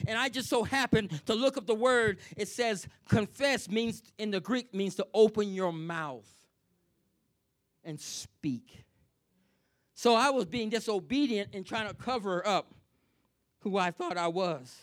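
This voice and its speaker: High-voiced man preaching a sermon. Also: a little slow, a bit bright. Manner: repetitive, asks the congregation "Amen?"; personal testimony, intense.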